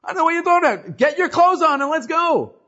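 A man voicing a brazen male wagon driver who insists loudly and indignantly that he is the master. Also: big pitch swings, fast, slightly rough, full character voice. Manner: loud, indignant, high-pitched. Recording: muffled lo-fi recording.

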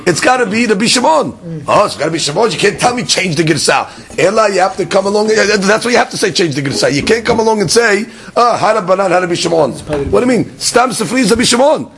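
A man with a high-sitting, creaky voice talks fast as he teaches a Talmud class, explaining passages with lively emphasis. He mixes Hebrew-Aramaic terms into his English and repeats words while working through the argument.

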